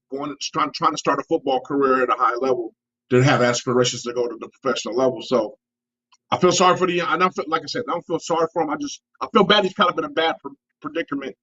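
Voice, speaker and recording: Fast-talking husky man, lo-fi sound. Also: mid-range voice, a bit bright. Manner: rambling, repeats words, says you know often. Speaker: podcast co-host. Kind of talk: casual sports talk. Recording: dull lo-fi audio.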